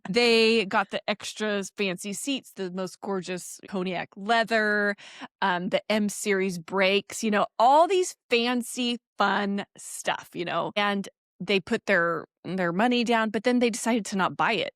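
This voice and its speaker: A woman's voice: medium pitch, a little slow, dry recording, clean studio sound. A woman in her forties, a podcast co-host, telling a personal story in casual chat, laughing often and acting out the voices in it. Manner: animated storytelling, laughs often, acts out quoted dialogue.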